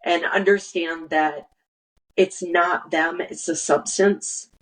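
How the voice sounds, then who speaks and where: Earnest woman telling stories, lowish voice. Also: fairly even intonation, takes it slowly, fairly bright tone, rough recording. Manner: earnest storyteller, acts out quoted dialogue, many restarts. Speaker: guest, nursery founder. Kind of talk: conversational interview.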